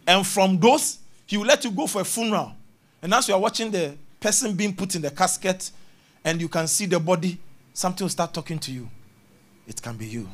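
A man preaches, his voice pitched high for a man. He preaches dramatically, booming out some lines and murmuring others low. He laughs at his own jokes as he goes. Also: fairly bright tone. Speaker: pastor. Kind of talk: sermon.

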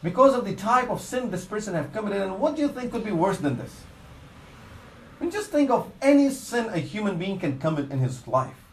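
A man's voice: high voice, very animated, a little fast, reverberant, slight background noise, rough recording. A man giving a sermon in English that he mixes with Arabic religious phrases, telling a story earnestly and dropping his voice for its saddest parts. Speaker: Islamic preacher.

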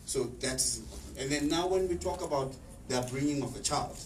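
A man's voice: mid-range voice, moderate pace. A middle-aged man speaking on a panel, earnest and repeating words as he searches for them. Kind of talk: panel discussion speech. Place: exhibition hall. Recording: echoey hall, distant mic, faint noise.

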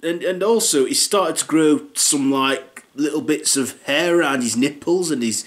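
A man's voice: a little high, moderate pace. A middle-aged man with a Northern English accent delivering a rambling comedic character monologue, blunt and casually sweary.

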